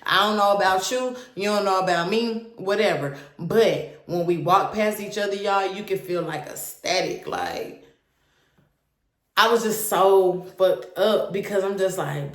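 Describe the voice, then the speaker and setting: A woman's voice: medium pitch, unhurried. A young woman animatedly telling her own story to viewers, candid and swearing freely. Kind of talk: casual storytime monologue. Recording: roomy echo.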